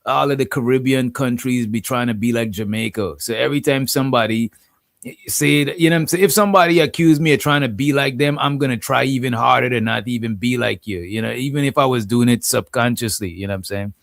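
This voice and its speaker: A man's voice: medium pitch, fast talker, gravelly, fairly bright tone, dry recording. A Guyanese man talking loosely on his stream, circling back to his points and checking in with the listener. His voice sits in a middling range and sounds close and dry, with no room around it. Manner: rambling, peppers talk with "you know what I'm saying". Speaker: livestream host. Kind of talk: casual livestream commentary.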